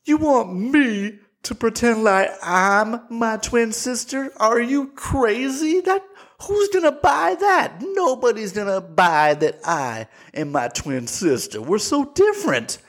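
A man voicing a baffled, dim young woman, in a squeaky, incredulous whine. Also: very slow, hardly any pauses, exaggerated voice.

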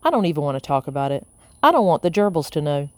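A woman's voice: low-pitched, sing-song, fast talker, a little mellow, no room sound. A woman voicing an anxious, gloomy young woman in an audiobook, fretful in manner.

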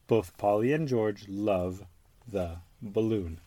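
Animated dad reading a bedtime story. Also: male voice, on the low side, a little slow, dry recording. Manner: animated, expressive. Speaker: father reading to his son, podcast host.

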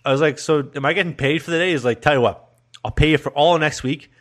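A man's voice: fairly high pitch, fast talker. A young man hosting a podcast, telling a crude work story in casual chat with lots of laughter. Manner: laughing, crude, animated anecdote. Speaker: podcast host.

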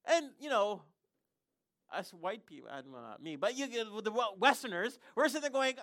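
A pastor preaching a sermon, telling stories in an animated way and often restarting sentences. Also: medium pitch, a little fast. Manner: animated storytelling with frequent self-restarts.

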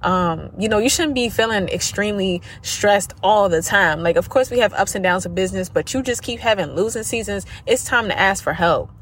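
A woman's voice: mid-range voice, fairly quick, hardly any pauses, fairly bright tone, a little hiss or hum. A woman hosting a podcast, talking casually and earnestly to her listeners as a business coach, repeating herself and calling them y'all. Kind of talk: casual motivational podcast talk.

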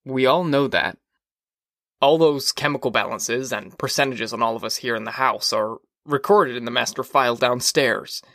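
A man's voice: medium pitch, moderate pace, a bit bright, no room sound, clean studio sound, lightly acted. A man voicing a confident, dismissive middle-aged fire captain in an audiobook reading, offhand and mocking.

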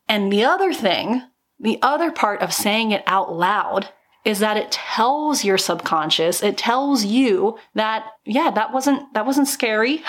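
A woman in her thirties hosting a solo podcast, talking upbeat and encouraging with little laughs between thoughts. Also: mid-range voice. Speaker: podcast host. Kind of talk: motivational solo podcast talk.

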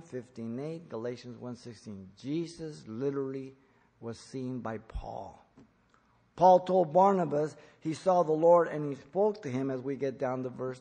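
A man preaching an expository sermon in church, emphatic, rising to loud peaks when quoting. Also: medium pitch, in a large hall. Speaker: pastor.

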